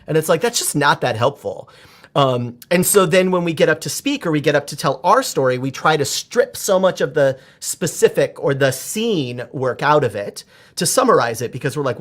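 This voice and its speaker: A man in his forties, a performance coach, talking as a podcast guest in an animated, expressive way with frequent restarts. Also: on the high side, normal speed. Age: 40s. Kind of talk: conversational podcast interview.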